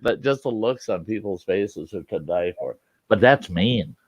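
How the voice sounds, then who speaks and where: A man telling a funny story in casual chat, animated, laughing often and swearing freely. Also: lowish voice, a little slow, slightly rough, no echo.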